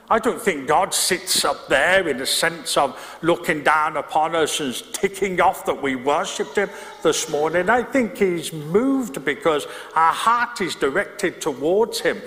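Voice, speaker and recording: Middle-aged pastor guy, slightly high voice, chatty sermon w/ asides, church echo. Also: a bit bright. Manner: conversational, with restarts and asides to the congregation. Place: church hall. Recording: reverberant church hall.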